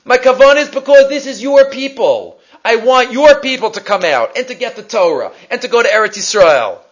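High-voiced man preaching with passion. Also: a little fast. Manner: animated preaching, rising to near shouts. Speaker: Torah teacher. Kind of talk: weekly Torah portion lecture. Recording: dull lo-fi recording.

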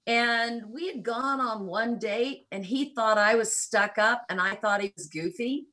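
An older woman with a faint Southern lilt that still slips into her vowels. Her voice is husky and a little breathy, and she tells her stories in a relaxed interview, reflective with a light touch of humor. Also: a little high, unhurried. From rural Kentucky, US. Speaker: interview guest, church missionary. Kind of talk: conversational interview.

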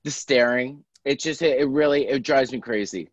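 A man talking as a guest in a casual interview chat, telling stories in a chatty, animated way. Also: mid-range voice, normal speed, dry recording. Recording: dry, dull lo-fi sound.

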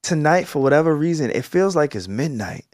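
A man hosting a podcast in casual chat, animated and quick to laugh. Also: a little high, no echo, clean studio sound. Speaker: podcast host.

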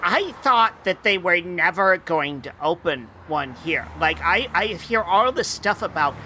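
A man's voice: high voice, expressive, unhurried, pushed and bright, a little hiss or hum, heavily acted. A man doing an overexcited restaurant fan. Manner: breathless, over-the-top gushing.

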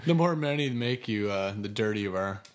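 A man's voice: fairly low pitch, lively intonation, brisk. A man in casual chat, chiming in with short agreeing remarks and asides. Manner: chimes in with short agreeing replies.

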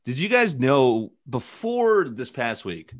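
A man's voice: medium pitch, sing-song, takes it slowly, no echo, studio quality. A man hosting a casual podcast, rambling with jokes and many fillers. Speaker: podcast host.

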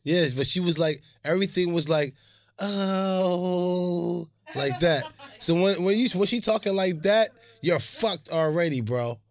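A man co-hosting a podcast, telling crude stories in casual, animated chat. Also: a little high, normal speed. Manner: profane, animated storytelling. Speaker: podcast co-host.

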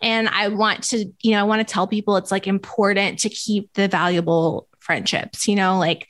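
A woman's voice: mid-range voice, level tone, moderate pace, a bit bright. A woman in her thirties hosting a podcast, chatting casually with a close friend and laughing often. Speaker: podcast host. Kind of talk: casual chat.

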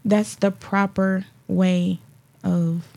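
A woman's voice: medium pitch, flat delivery, extremely slow, vocal fry, a little mellow. A woman co-hosting a casual podcast, plainly explaining her view. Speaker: podcast co-host.

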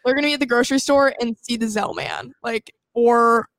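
A woman's voice: fairly high pitch, steady tone, fairly quick, fairly bright tone, dry recording, poor audio. A woman in her twenties co-hosting a podcast, teasing her friends and steering the chat. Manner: teasing, leads the talk and sets up topics. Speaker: podcast co-host. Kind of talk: casual chat.

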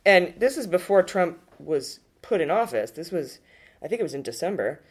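A woman co-hosting a podcast, talking politics in a casual, animated way, often restarting sentences and swearing. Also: fairly low pitch, moderate pace, husky. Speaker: podcast co-host.

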